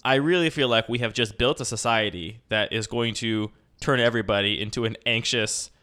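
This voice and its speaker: A man's voice: medium pitch, fairly quick, bright, forceful tone, smooth. A young man co-hosting a casual chat, rambling and self-mocking with frequent laughs and restarts. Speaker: podcast co-host.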